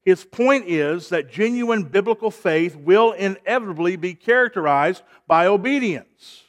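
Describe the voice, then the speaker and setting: A man's voice: high voice, lively intonation, normal speed, hardly any pauses. A man delivers a sermon from the pulpit. He preaches emphatically and swells in volume to drive home each key point. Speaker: pastor.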